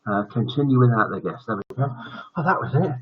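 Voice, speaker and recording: An older man hosts a live evening stream in a chatty, teasing way. His voice is husky and sits at a middling pitch. The audio is dull and lo-fi. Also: lively intonation, fast. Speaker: host. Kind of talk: live-streamed bedtime story show chat.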